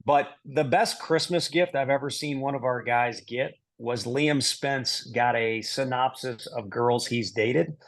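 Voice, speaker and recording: A man's voice: mid-range voice, a little slow, few pauses. Man laughing through candid coaching answers. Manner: laughs easily, talks through answers aloud with self-deprecating humor. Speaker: head baseball coach, podcast guest. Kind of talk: casual interview answers.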